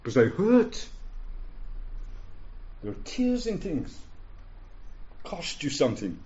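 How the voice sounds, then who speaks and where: A man in his forties delivers a sermon in a warm, relaxed voice, pressing his points by repeating them and asking his listeners "yeah?". The recording is dull and lo-fi. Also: on the high side, slow pace. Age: 40s. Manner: emphatic, repeats phrases, asks the room "yeah?". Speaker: pastor. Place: church hall with a live congregation.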